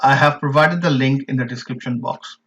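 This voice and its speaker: A man teaching a poetry lesson in an online class, explaining terms slowly and emphatically with repeated examples. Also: mid-range voice, a bit bright. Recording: dull lo-fi recording.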